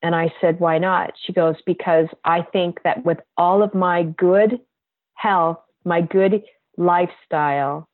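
Speaking at a fairly low pitch with fairly even intonation, a bodywork practitioner appearing as a guest shares a personal story. She is earnest, heartfelt, slow and reflective, and the tinny phone-like line has no echo at all.

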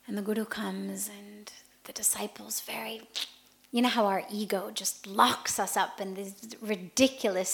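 A woman spiritual teacher hosting a radio talk, telling a parable in an animated way that shifts between hushed and loud passages. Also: mid-range voice.

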